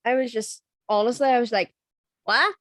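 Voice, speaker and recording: A woman actress as a podcast guest, excitable and emotional, talking in quick bursts peppered with "like". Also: medium pitch, dry recording. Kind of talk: casual podcast chat.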